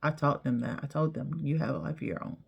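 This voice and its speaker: Talking to her viewers in a relaxed, sincere way, a middle-aged vlogger wanders and repeats herself, leaning on "you know" again and again. Her voice is deep, steady, fast, creaky and a touch rough, and the recording's highs are cut off.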